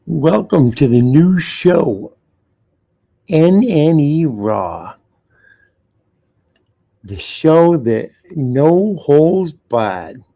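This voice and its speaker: A man's voice: fairly high pitch, big pitch swings, extremely slow, vocal fry, pauses often. A man hosting a live uncensored show, ranting with heavy swearing and calling out to viewers in the chat. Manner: loud, profane, talks straight to the chat. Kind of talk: profane live-stream rant.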